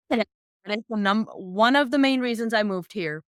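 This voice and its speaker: A woman's voice: on the high side, moderate pace, fairly bright tone, smooth, dry recording, clean studio sound. A woman in her thirties who grew up speaking Pennsylvania Dutch, chatting easily as an interview guest with a light Amish accent and frequent laughs. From Michigan, USA. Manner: easygoing, laughs often. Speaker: podcast guest. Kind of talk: conversational interview.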